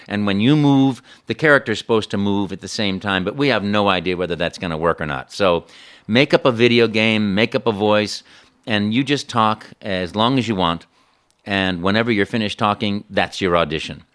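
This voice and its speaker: Interviewed about his work, a man who does voice acting recounts a story with lots of energy, frequently stumbling and starting over. His voice sits on the low side.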